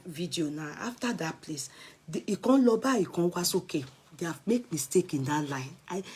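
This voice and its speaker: A clothes-selling vlogger with a Nigerian accent chats casually and live with her viewers, offering emphatic, preachy encouragement and often dropping to a whisper. Her voice is mid-range with a darkish tone, and there's slight background noise.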